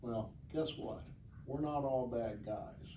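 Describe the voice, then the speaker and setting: A man's voice: mid-range voice, takes it slowly, mellow, distant mic, lo-fi sound. A man answering interview questions as the organizer of a charity motorcycle ride, plainspoken, earnest and rambling. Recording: echoey, off-mic, faint background noise.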